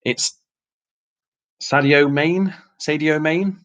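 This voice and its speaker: A man's voice: on the high side, steady tone, drawn-out words, fairly bright tone, dull audio. Man hosting a casual quiz. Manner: casual, chatty, laughs often, mild swearing. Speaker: quiz host. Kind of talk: reading out quiz answers on a livestream.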